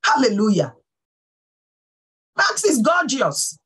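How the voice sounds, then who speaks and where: A woman pastor giving a sermon, fervent and full of praise exclamations, swinging from soft talk to calling out. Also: on the high side, huge pitch swings, slow pace, slightly rough, poor audio.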